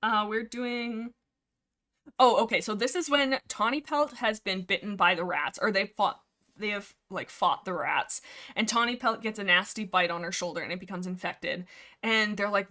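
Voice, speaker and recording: Bright, rambling young woman streamer. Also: mid-range voice. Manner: rambling, chatty, many fillers and restarts, quick acted quotes. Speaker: livestream host. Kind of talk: casual book discussion livestream.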